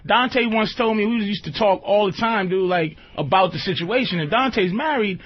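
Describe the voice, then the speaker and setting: A man's voice: high-pitched, moderate pace. A man hosting a radio talk show, joking loosely and often asking whether the listener understands. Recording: lo-fi radio recording.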